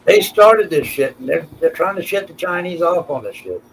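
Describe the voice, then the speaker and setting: A man's voice: on the high side, lively intonation, moderate pace, creaky, crowd noise, low-quality recording. A man hosting a live online panel, blunt and profane, teasing his guests in crude casual banter. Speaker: panel show host.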